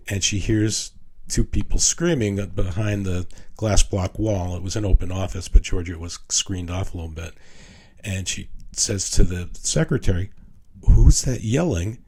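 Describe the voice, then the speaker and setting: Older New man, low rambling lecture voice. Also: darkish tone, breathy edge. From New York City. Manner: rambling, halting with restarts and fillers. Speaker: retired architect teaching a class. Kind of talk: casual lecture with personal stories.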